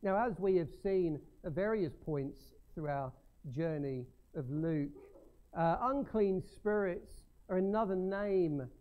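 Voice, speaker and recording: A man preaching a sermon as pastor, measured and emphatic, leaning on slow deliberate stresses. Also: high voice, phone-quality sound.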